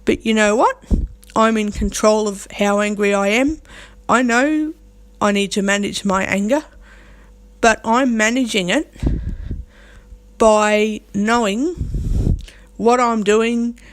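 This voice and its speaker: A woman's voice: medium pitch, slow, pauses often, dry recording. A woman vlogging to camera, talking bluntly and defiantly and hammering the same points again and again. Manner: defiant, emphatic, repeats her points; blunt, with coarse language. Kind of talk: unscripted talk to camera.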